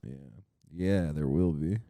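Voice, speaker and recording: A man's voice: a bass voice, slow pace, dark tone, dry recording, studio quality. A man co-hosting a podcast in casual comedic banter. He is laid-back, says "dude" a lot and laughs often. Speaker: podcast co-host.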